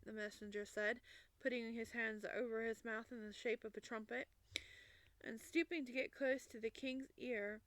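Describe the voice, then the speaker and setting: A woman reading a classic children's book aloud, in lively narration with small restarts. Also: fairly high pitch, normal speed, dry recording. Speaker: storybook reader.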